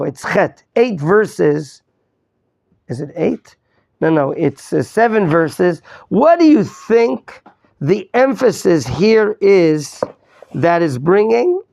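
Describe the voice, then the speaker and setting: A man's voice: sits high, gravelly, darkish tone. A male rabbi teaching a Torah class, quizzing his students, repeating his questions and mixing in Hebrew terms. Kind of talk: interactive Torah lesson.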